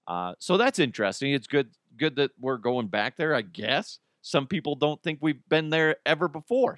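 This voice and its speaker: Hosting a casual news podcast while slightly sick, a middle-aged man rambles and jokes, swearing freely and laughing at his own gags. He has a medium-pitched, fairly bright voice, captured in a dry, studio-quality recording.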